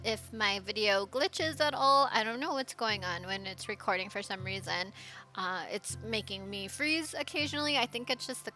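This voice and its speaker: Casting: casual home gamer woman, bright lively voice, laughs and mutters asides. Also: a little high. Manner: chatty, bursts of laughter, soft asides. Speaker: let's play gamer. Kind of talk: casual gameplay commentary. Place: home, at a laptop. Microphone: headphones with mic.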